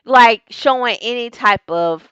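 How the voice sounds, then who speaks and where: A woman dishes on a reality TV episode in a chatty recap vlog, calling her viewers "y'all" and "girl" and jumping up in pitch when something gets juicy. Her voice is bright and smooth, close to the mic in a dry room. The sound is a little dull, like a modest home setup. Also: unhurried, dry recording. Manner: animated, jumps up in pitch when excited. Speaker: reality TV review vlogger. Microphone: desk microphone.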